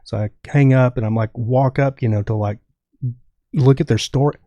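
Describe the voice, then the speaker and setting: A man's voice: mid-range voice, fairly even intonation, moderate pace, warm tone, no echo, lo-fi sound. A man from Texas telling a rambling story as a podcast guest, dropping "dude" often. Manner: rambling, says dude a lot. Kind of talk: casual storytelling.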